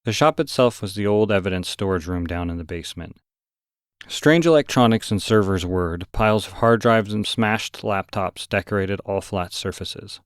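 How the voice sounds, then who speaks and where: A man narrating a scripted horror story in a calm, matter-of-fact way. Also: on the low side, moderate pace, smooth, no echo, studio quality.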